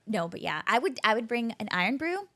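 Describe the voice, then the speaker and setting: A woman from California with an American accent, chatting as a podcast guest in a bubbly, expressive way. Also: on the high side, brisk. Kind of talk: casual chat.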